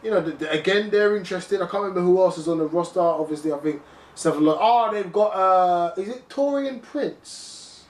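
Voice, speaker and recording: A man's voice: high voice, fast talker. A man hosting a casual sports chat, chatty and filling his talk with "you know what I mean". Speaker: podcast host. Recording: echoey room, mic at a distance.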